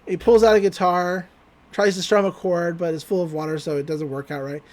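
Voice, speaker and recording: A woman's voice: lowish voice, steady tone, fairly quick, a little mellow. A woman co-hosting a podcast, giving a chatty, casual recap with laughs and fillers. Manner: chatty, giggly, with frequent fillers. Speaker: podcast co-host.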